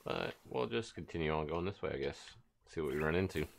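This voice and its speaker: A man talks his way through a live game stream in a relaxed, chatty way, answering viewers as he goes. His voice sits extremely low with a gravelly rasp, and a faint hiss runs under the recording. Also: fast talker. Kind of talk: casual live-stream commentary.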